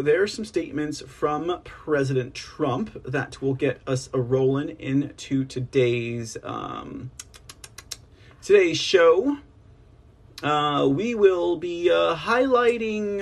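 A man hosting an online political news livestream, rambling casually, reading statements aloud and speaking to viewers as ladies and gentlemen. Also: a little high, vocal fry, slightly rough. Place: home setup on a slow connection.

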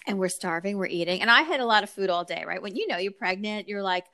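Woman telling a lively podcast story. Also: mid-range voice, fast. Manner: animated storytelling, acts out quoted people. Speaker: wedding photographer. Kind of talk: casual podcast chat.

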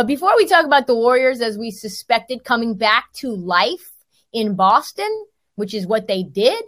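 A woman hosting a sports podcast, hoarse from laryngitis, telling stories in a chatty, self-deprecating way. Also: fairly high pitch. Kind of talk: casual sports talk.

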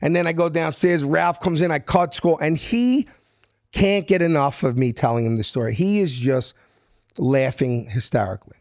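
A man's voice: on the high side, normal speed, darkish tone, no room sound, clean studio sound. A middle-aged man from South Philadelphia with a Philly accent, telling a story and acting out each person in it in street-smart talk. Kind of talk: animated storytelling.

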